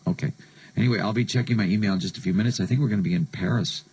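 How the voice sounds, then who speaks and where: A man's voice: lowish voice, very fast, a little mellow, husky, poor audio. A man from the United States hosting a late-night radio show, telling stories and joking sardonically between songs. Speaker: radio DJ host.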